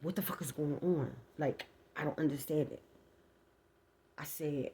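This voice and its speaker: A woman's voice: low-pitched, a little slow, long pauses, dark tone, slightly rough. A woman telling a personal story to her viewers in a casual storytime vlog, blunt and heavily profane, addressing them directly and acting out sounds as she goes. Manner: vivid retelling with sound effects. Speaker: storyteller vlogger.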